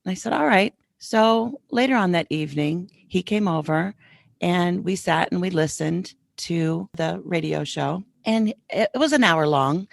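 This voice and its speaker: This podcast host, a middle-aged woman, has a fairly low, gravelly voice and a moderate pace, recorded cleanly in a studio with no room sound. Her storytelling is casual and chatty, quoting others in animated back-and-forth exchanges.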